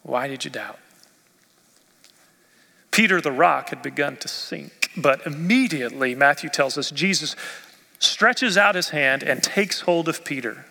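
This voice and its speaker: A male pastor preaching a sermon expressively, rising in force and dropping to near quiet. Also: fairly high pitch, lively intonation, a little slow, creaky. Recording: long reverb of a church hall.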